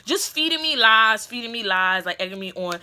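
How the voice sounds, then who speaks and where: A woman's voice: a little high, lively intonation, fairly quick, bright, forceful tone. A young adult woman, telling a story in a casual vlog, blunt and profane, acting out what people said. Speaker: beauty vlogger.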